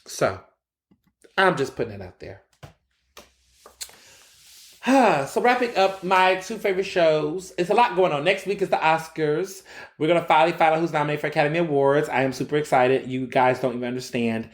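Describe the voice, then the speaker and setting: A fairly high-voiced man runs his solo podcast in a loose, animated style, with slangy asides aimed right at his listeners. His voice rings out in a roomy, echoing space. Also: moderate pace. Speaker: podcast host. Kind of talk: casual solo commentary.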